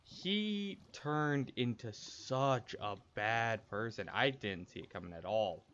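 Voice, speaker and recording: Slow-paced but lively in intonation, this young streamer's mid-range voice is a bit bright. He rambles candidly through a personal story while gaming, restarting many times, over dull lo-fi audio carrying faint noise.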